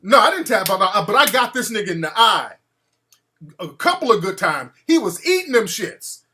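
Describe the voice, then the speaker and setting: Bright-voiced man telling a rowdy story. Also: high-pitched, moderate pace. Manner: animated, profane, acts out quotes. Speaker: radio show host. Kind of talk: storytelling on a call-in show.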